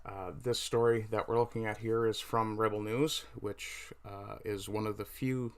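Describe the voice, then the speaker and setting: Man, low voice, casual livestream host, halting speech, lots of ums and uhs, close chin mic. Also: flat delivery, clean tone. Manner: hesitant, many fillers, reads chat aloud. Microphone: mic right under the chin.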